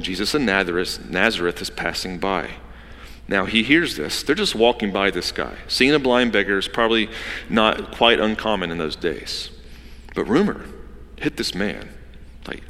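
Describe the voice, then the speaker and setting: A man, a pastor, preaching a sermon. He moves between hushed, quiet stretches and loud, impassioned appeals, and acts out the lines he quotes in casual voices. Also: medium pitch. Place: church sanctuary. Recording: long reverb of a church hall.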